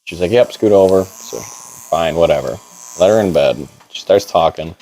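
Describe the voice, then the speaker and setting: A man's voice: rumbling low, lively intonation, measured pace, darkish tone, low-quality recording. A young man casually telling a long story in a barbershop, laid-back and full of "like". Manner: rambling, laid-back, heavy on "like".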